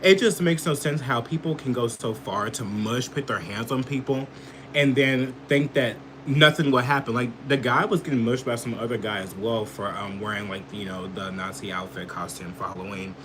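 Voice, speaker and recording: A man from the United States rants through his political commentary, swearing freely and filling his sentences with filler words. He speaks at a middling pitch, in a loose, heated, offhand style. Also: moderate pace, fairly bright tone, slight background noise. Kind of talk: casual ranting commentary.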